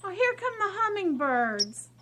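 An actress playing a gentle, cheerful mother who speaks sweetly and patiently. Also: very high voice, sing-song, measured pace, heavy background noise, exaggerated voice. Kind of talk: drama scene.

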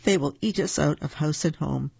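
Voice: medium pitch, moderate pace, vocal fry, darkish tone, slightly rough, dry recording. A storyteller voicing a fretful, exasperated, very old woman, on a dull lo-fi recording.

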